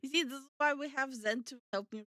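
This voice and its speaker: A young woman hosts a live stream in a playful, chatty way, laughing often and swearing offhandedly as she answers chat. Her voice sits a little on the high side. The recording is close and dry, with no room sound. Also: quick pace, a bit bright, no room sound. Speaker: streamer and VTuber host. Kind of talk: casual live-stream chat, reading chat aloud.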